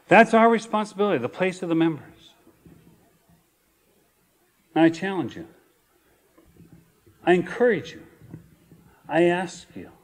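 A male pastor preaching a sermon, reading scripture slowly and building to emphatic repeated phrases. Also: fairly high pitch. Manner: preaching with rising emphatic repetition; reads scripture slowly and deliberately.

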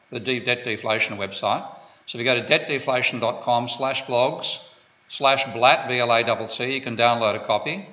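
A man's voice: mid-range voice, sharp tone. An Australian man giving an economics lecture, digressive and full of wry asides. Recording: dull lo-fi lecture recording.

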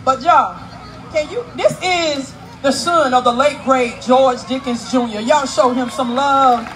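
A woman emceeing a live outdoor community event on a handheld mic, teasing and working the crowd loudly. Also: sits high, measured pace, soft background music, poor audio. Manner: playful, teasing, loud crowd-work. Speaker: event emcee and radio host. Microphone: handheld microphone.

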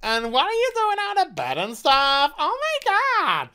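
Squealing airhead girl, a man sending her up, shrill and giddy. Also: huge pitch swings, measured pace, pushed and bright, exaggerated voice. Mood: gushing. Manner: gushing, shrill, mocking.

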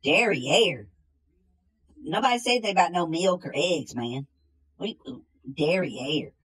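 A woman playing a slow-witted, bumbling country man in a comedy sketch, drawling and repeating the same catchphrase. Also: lowish voice, expressive, breathy edge, heavily acted, poor audio.

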